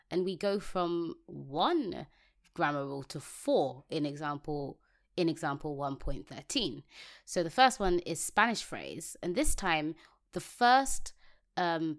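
A woman co-hosting a casual technical podcast, reading code aloud step by step and laughing easily. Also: low voice. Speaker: podcast co-host.

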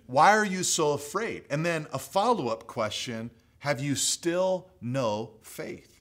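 Middle-aged male preacher, mid-pitched voice, very animated intonation, expressive sermon style. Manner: expressive preaching, drops to soft low voice for quotes. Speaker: pastor.

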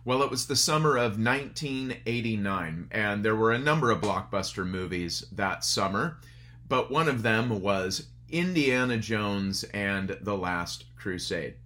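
Low-voiced man preaching a sermon. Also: fairly bright tone. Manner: conversational storytelling preacher. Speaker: pastor. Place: church service streamed online.

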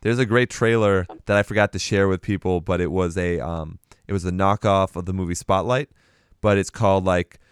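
Casting: blunt, swearing male co-host, low and smooth voice. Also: steady tone, normal speed, no echo, studio quality. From Boston area. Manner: blunt, swears, laughs often. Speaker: podcast co-host. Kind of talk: casual chat.

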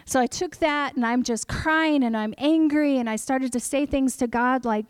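A woman preaching a sermon, telling a personal testimony in an animated storytelling way and acting out her own past words. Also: high voice, moderate pace, few pauses, clear, resonant tone, dry recording.

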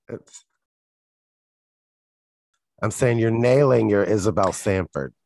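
A man co-hosting a podcast in casual chat, asking questions and quietly amused. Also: fairly low pitch, expressive, slow pace, pauses often, no room sound. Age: young adult. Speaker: podcast co-host.

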